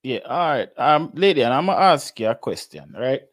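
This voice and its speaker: A woman with an extremely low, deep voice asks her questions slowly and haltingly, with plenty of ums. She sounds set back from the microphone. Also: animated. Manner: hesitant, halting questions with fillers. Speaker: podcast interviewer. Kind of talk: interview questions.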